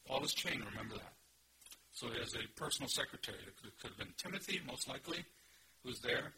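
A man preaching an expository sermon, emphatic, with sudden rises in pitch and loudness. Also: animated, brisk. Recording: noisy recording.

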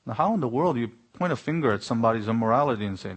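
Male pastor, husky tone, earnest sermon delivery with emphatic rises. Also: mid-range voice, animated, very fast. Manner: earnest preaching, rising to exclamations.

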